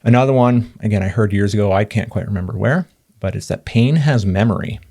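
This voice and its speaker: A man's voice: on the low side, fairly quick, creaky, warm tone. A man, a physical therapist in his thirties, talking through patient experiences in a thoughtful, earnest podcast monologue with frequent fillers and restarts.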